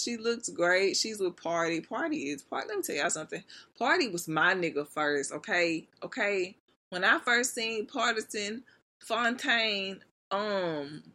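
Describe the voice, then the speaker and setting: A woman vlogger in a casual gossip rant, animated and expressive, full of slang and fillers. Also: medium pitch.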